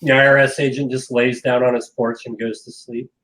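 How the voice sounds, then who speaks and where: A man co-hosting a casual podcast chat, cracking dry jokes and tossing in quick questions. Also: medium pitch, level tone, crowd noise, rough recording. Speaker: podcast co-host.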